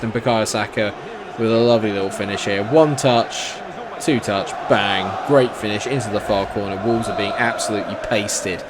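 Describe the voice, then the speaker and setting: Excitable man commentating gameplay. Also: fairly low pitch, background noise. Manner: animated, swinging between frustrated grumbling and excited shouts. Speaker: gaming YouTuber.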